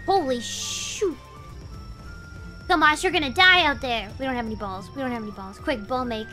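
A woman game streamer chattering playfully, hyped up on caffeine, giggling and swinging between sing-song squeals and low mumbles. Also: normal speed, sharp tone, faint music behind. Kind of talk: playful live gameplay chatter.

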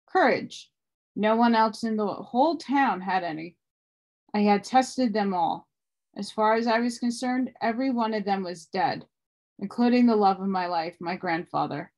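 A woman reading a book aloud at a steady pace, now and then stumbling and restarting a word. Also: medium pitch, moderate pace. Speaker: audiobook reader.

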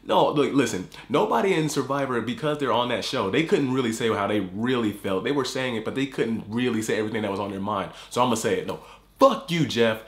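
Talking fast with few pauses in a medium-pitched voice, a YouTube host delivers an angry, profane reaction rant, repeating himself as the words pour out. The room is echoey.

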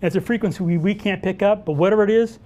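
A man teaching wildlife photography at a live workshop, telling stories and answering audience questions in an animated way. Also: high-pitched, racing. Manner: animated storyteller who acts out dialogue.

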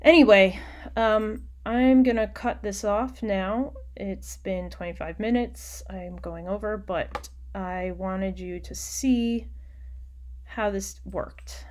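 Slow, patient woman teaching a lesson. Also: medium pitch, steady tone. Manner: slow, patient explaining, often drops into quiet muttering. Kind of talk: recorded online lecture.

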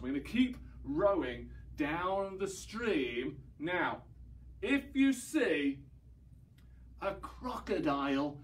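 A man's voice: fairly high pitch, distant mic. Playful man leading a children's song. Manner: playful, sings slowly, mimes and acts out sounds. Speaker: children's singing session leader.

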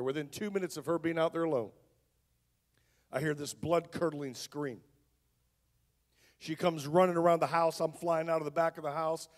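A man's voice: on the high side, fairly even intonation, normal speed. A man who is a pastor, telling his testimony in a sermon in a conversational storytelling style, with joking asides.

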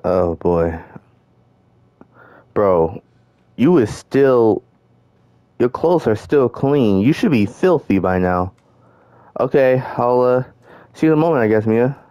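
A man's voice: mid-range voice, animated, takes it slowly, long pauses, dark tone, no room sound, dull audio. Swearing, joking gaming commentator man. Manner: casual, swearing, joking reactions. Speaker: gaming streamer. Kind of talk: let's play commentary.

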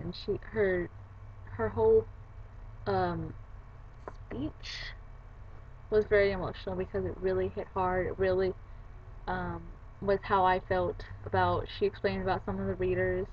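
Young woman, book vlogger, chatty storyteller; lo-fi webcam audio, faint hiss. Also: mid-range voice. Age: young adult. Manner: chatty, retells scenes with quoted voices. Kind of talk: casual chat.

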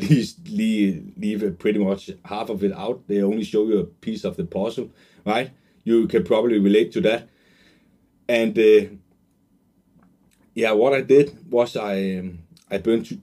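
A man in his twenties telling an earnest, emotional personal story as a sales pitch, with many fillers and restarts. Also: warm tone, husky. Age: 20s. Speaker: online marketer pitching a course.

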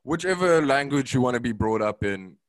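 A man from South Africa with a South African accent, whose first language is Afrikaans, speaking as a podcast guest in a relaxed, halting way. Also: mid-range voice, dry recording. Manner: relaxed, hesitant, many fillers. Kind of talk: casual conversation.

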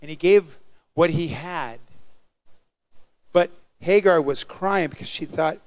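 A male pastor preaching a sermon, animated and calling out to the congregation for responses. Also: a little high, normal speed.

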